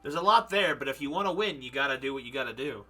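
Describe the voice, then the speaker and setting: A man's voice: mid-range voice, expressive, quick pace, sharp tone. A man streaming a game live, chatting casually and laughing at his own mistakes. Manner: chatty, laughs at himself, reads game text aloud. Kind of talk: live gameplay commentary.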